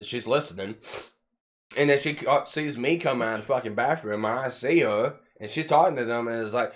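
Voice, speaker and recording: A man's voice: medium pitch, normal speed. A man hosting a casual podcast, telling a long story with heavy swearing and lots of restarts. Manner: rambling, heavy swearing, animated retelling. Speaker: podcast host.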